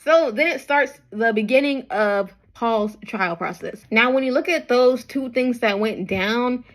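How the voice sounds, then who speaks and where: A young woman from Nigeria retelling a Bible story in casual slang, acting out the people in it with lively quoted voices. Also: low-quality recording. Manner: animated, acts out crowds with high-pitched quoted voices and slang. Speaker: bible study vlogger.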